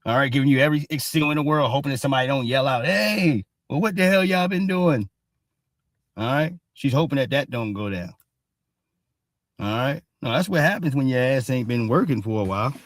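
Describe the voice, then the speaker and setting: A man holds forth on the news in a blunt, profane, loose way, tagging almost every thought with a quick "all right?" His voice sits in an ordinary middle pitch and sounds close and dry, with no room around it. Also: no echo. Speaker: show host. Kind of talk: casual news commentary stream.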